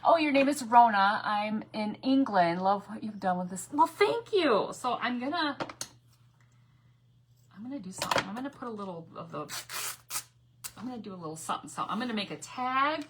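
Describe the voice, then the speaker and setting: A woman's voice: on the high side, lively intonation, fairly quick, noisy background. A woman chatting casually while crafting on a livestream, rambling, repeating herself and reading out viewer comments as she works. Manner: frequent self-corrections and repeated phrases.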